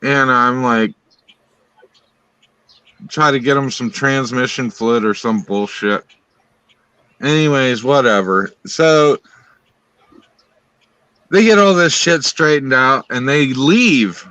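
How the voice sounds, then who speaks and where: A man's voice: mid-range voice, takes it slowly, pauses often, clean tone, dry recording, poor audio. Rambling, foul-mouthed man telling a story. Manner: rambling, swears constantly, animated retelling. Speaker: storyteller on a live stream. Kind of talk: casual profane storytelling.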